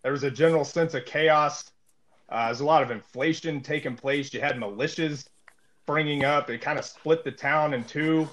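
A podcast co-host with a fairly high-pitched voice rambles and jokes through a story, using many fillers in casual chat. There's a little hiss or hum on the recording.

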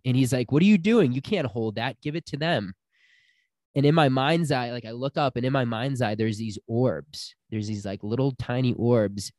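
A man's voice: fairly low pitch, no echo, studio quality. A young man telling a personal story in casual chat, acting out the people he quotes. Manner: animated storyteller, acts out quotes.

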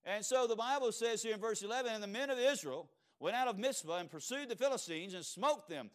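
This Cajun-accented preacher from Louisiana has a smooth, high-pitched, expressive voice and talks a little fast. His sermon mixes folksy stories with rhetorical questions to the congregation, often broken by fillers and restarts.

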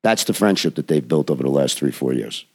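A man with a very low voice that has a gravelly, fry-heavy texture. He tells a long anecdote in a podcast conversation. He acts out the voices of the people in it emphatically. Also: a little fast. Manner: acts out the people in his story, lively and emphatic. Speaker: podcast guest. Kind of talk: animated storytelling in a podcast chat.

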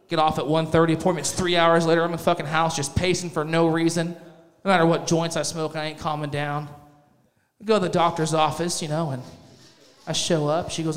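A man's voice: sits high, moderate pace. A man in his thirties doing a crude, rambling, self-mocking stand-up set on a club stage. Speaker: stand-up comedian. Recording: reverberant club hall.

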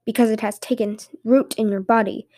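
A woman voicing a bold young shepherd lad who answers with calm, confident retorts. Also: a little high, brisk, no room sound.

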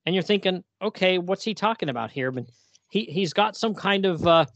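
Guy on a podcast, kinda high voice, dry close sound, gets all worked up retelling a comic. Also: brisk, no echo, dull audio. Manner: animated, reads quoted comic dialogue aloud. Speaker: podcast host. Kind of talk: casual chat about comics.

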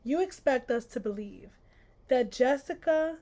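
A woman's voice: sits high, unhurried. A woman co-hosting a podcast, chatting casually and sassily about a book, often exasperated. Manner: sassy, exasperated, animated. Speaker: podcast co-host.

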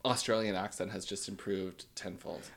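A man's voice: low-pitched, fairly even intonation, normal speed, vocal fry, fairly bright tone. A man co-hosting a casual podcast, trading dry, teasing jokes. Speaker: podcast co-host. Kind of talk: casual chat.

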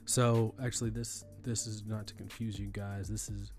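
A man's voice: on the low side, little pitch movement, normal speed, music in the background. A man teaching in a loose, conversational way, often restarting and repeating phrases with fillers. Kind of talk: screen-recorded tutorial on email etiquette.

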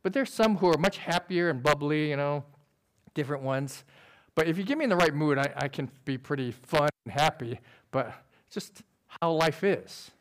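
A man preaching a sermon in an earnest, conversational way, using quick everyday illustrations. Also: fairly high pitch, lively intonation. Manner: describes himself as sober by nature.

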